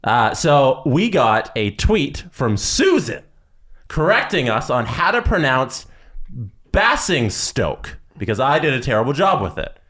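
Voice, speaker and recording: A man's voice: mid-range voice, sing-song, a little slow, a bit bright. A man speaking English as a second language, co-hosting a podcast and explaining things with dry humor. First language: not English. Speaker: podcast co-host. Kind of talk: casual chat.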